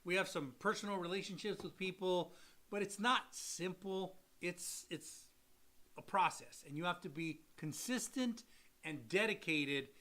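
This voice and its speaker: Lively middle-aged man, bright high voice. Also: a little slow. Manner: animated, salesy, answers viewer questions. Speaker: loan officer and livestream co-host. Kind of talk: casual livestream chat.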